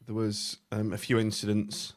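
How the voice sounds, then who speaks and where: A man's voice: fairly low pitch, completely flat delivery, moderate pace, very noisy. A man hosting a casual podcast chat, speaking hesitantly with many fillers. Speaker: podcast host.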